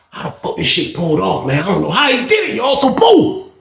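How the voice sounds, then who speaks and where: Animated man telling a story, gravelly. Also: sits high, fast, roomy sound. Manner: animated retelling, acting out others' lines. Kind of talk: casual storytelling.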